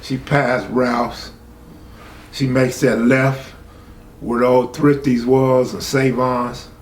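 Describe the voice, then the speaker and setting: A man's voice: mid-range voice, level tone, slow pace. A man, hosting a stream and telling a true story in casual, profane street talk, raising his voice when he quotes people. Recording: echoey room, faint background hum.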